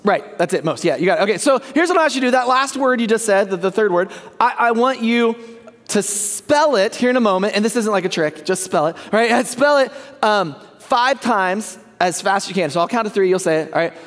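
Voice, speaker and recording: A man with a very high speaking voice preaches in a relaxed, chatty way, cracking jokes and asking the crowd if they follow. His words ring out with the long reverb of a church sanctuary. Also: fairly quick. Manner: joking, keeps checking in with the congregation. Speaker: pastor. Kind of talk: casual conversational sermon.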